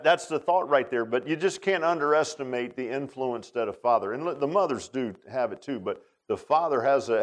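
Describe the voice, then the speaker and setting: A pastor preaching a Father's Day sermon in a folksy, conversational way, often turning to the congregation with rhetorical questions. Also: mid-range voice.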